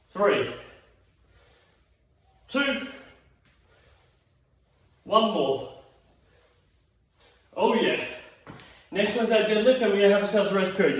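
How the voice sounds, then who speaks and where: A man's voice: high-pitched, animated, slow pace, long pauses. A man leading a home exercise class, tired and yawning, chatty and encouraging as he counts reps. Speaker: fitness instructor. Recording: very echoey room, mic at a distance.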